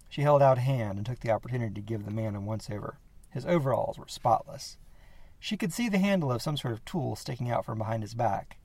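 A man narrating a horror story in a steady, measured reading voice. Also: mid-range voice, vocal fry, no echo.

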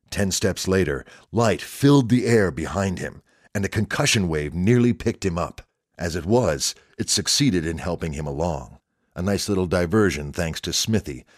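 A man narrating a written story in a steady, measured reading. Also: deep voice, dry recording, clean studio sound.

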